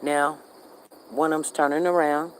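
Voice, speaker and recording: A woman's voice: low-pitched, little pitch movement, unhurried, a little hiss or hum, poor audio. A middle-aged woman, chatting casually on a livestream and reacting to what happens outside. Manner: chatty, repeats herself, reacts to events outside. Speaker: livestream host.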